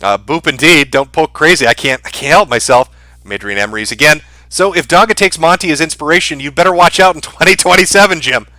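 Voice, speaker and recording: A man's voice: fairly high pitch, brisk, pushed and bright, no echo. A man hosting a livestream, reading out viewer donation messages and answering each with dry, sarcastic remarks. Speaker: livestream host.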